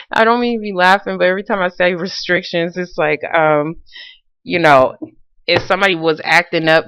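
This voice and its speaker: A woman's voice: low voice, fairly bright tone, no echo. A woman giving a casual tarot card reading, chatty and colloquial, with frequent fillers and laughter. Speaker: tarot reader.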